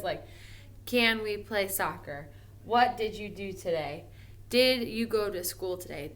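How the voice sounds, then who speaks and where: A woman teacher giving a recorded grammar lesson to first graders, slow and encouraging, drawing out her example sentences expressively. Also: a little high, bright, forceful tone. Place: home or classroom at a smartboard.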